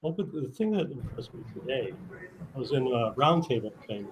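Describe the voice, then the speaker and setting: A man's voice: medium pitch, expressive, brisk, rough recording. A man introduces himself as a librarian, hesitant and musing, with fillers. His voice sits in a middle range over a faint background hiss. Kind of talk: casual self-introduction.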